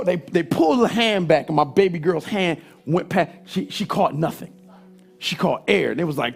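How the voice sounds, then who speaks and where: A middle-aged male pastor, preaching a sermon and telling a story, his husky voice swinging from loud emphasis to soft asides. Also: fairly high pitch, lively intonation, a little fast, faint music behind.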